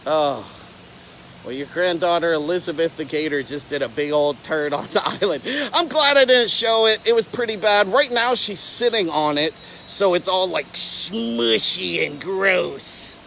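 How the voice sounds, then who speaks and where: A man's voice: sits high, lively intonation, moderate pace, fairly bright tone, slight background noise, rough recording. A young man from Florida who keeps alligators, chatting playfully on a casual outdoor livestream and wandering off on tangents. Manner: playful, rambling, jumps between tangents. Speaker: reptile keeper livestreaming.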